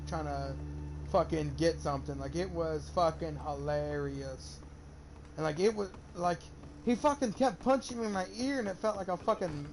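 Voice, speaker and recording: Gravelly high-voiced young man rambling. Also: a little hiss or hum. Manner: rambling, profane, animated when quoting. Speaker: gamer streamer. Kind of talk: casual storytelling while gaming.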